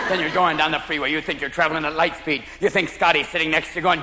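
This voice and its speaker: A man performing live stand-up comedy in a large theater, manic, jumping into shouted character voices. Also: fairly high pitch, steady tone, quick pace, hardly any pauses, heavy background noise. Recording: echoey live hall recording, loud crowd laughter.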